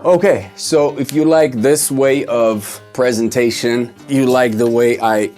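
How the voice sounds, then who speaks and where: A man's voice: medium pitch, fairly even intonation, measured pace, a little mellow, soft background music. A man giving a casual lesson on rhyming, thinking aloud and repeating words as he works out rhymes. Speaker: songwriting teacher.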